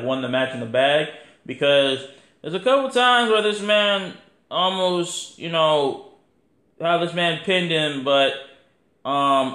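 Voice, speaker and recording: A man hosting a podcast, talking in a casual, rambling monologue that is animated and full of swearing. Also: mid-range voice. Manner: animated, profane, rambling, acts out quotes. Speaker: podcast host. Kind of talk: casual wrestling review monologue. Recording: echoey room.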